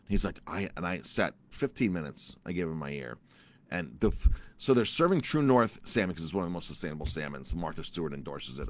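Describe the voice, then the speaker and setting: A middle-aged male chef holds forth in a casual vlog, animated and heated, tripping over and repeating his own words. His voice sits on the low side and the sound is dry and close, with no room around it. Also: brisk, no room sound. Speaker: chef and restaurant owner.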